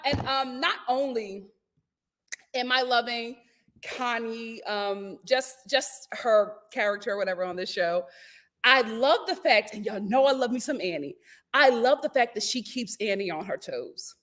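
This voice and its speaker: A young woman hosting a casual reality-TV recap, animated and laughing often as she acts out what people said. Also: on the high side, a little slow. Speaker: YouTube host reviewing a reality show.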